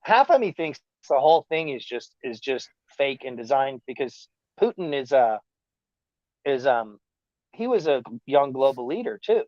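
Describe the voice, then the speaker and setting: A man talking as a podcast guest in a rambling, animated rant, often slipping into mocking quoted voices. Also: mid-range voice, moderate pace, dry recording, lo-fi sound. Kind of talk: casual chat.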